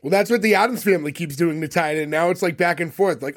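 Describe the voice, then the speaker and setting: A man with a notably high voice co-hosting a casual podcast. He jumps in with dry, teasing jokes and quick questions. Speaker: podcast co-host.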